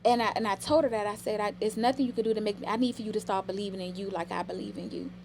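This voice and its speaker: A middle-aged woman speaks in a casual podcast chat, recounting family memories with open emotion. Her voice sits at an ordinary pitch, and a faint hiss runs under it. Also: fairly even intonation, very fast, darkish tone. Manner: emotional, storytelling. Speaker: podcast guest.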